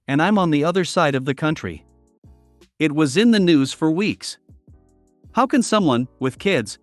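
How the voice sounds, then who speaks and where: A man narrating online stories in a steady, even reading voice. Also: fairly high pitch, dry recording.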